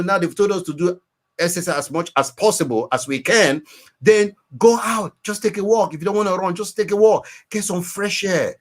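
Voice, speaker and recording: Earnest advice-giving man with a slightly high voice, preachy, repeats himself for effect. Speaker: guest counselor. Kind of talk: advice talk.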